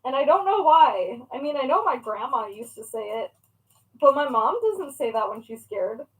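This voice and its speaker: A woman's voice: high voice, very animated, moderate pace, rough recording. A young woman chatting casually in a crafting vlog at home, rambling and talking to herself and her pet as she works. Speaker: crafting vlogger.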